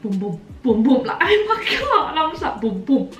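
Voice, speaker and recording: A young woman vlogger tells a dramatic storytime tale, peppering it with "like." Her high-pitched voice is sing-song at a normal speed. The room is echoey, the mic is at a distance, and faint music plays.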